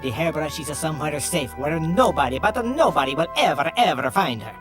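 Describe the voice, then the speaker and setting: An actor voicing excitable vegetable barber brothers, bickering and theatrical, with music behind. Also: male voice, a little high, brisk, close to an everyday voice. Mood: secretive. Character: two excitable vegetable barber brothers, middle-aged men. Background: background music.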